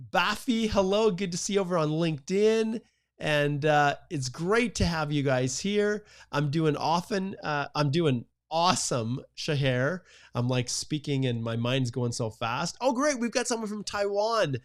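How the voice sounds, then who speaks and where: A man's voice: on the high side, animated, a little slow. A man around fifty, hosting a live-stream Q&A, greeting viewers in an upbeat, enthusiastic way. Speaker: immigration live-stream host. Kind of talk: live-stream Q&A shout-outs.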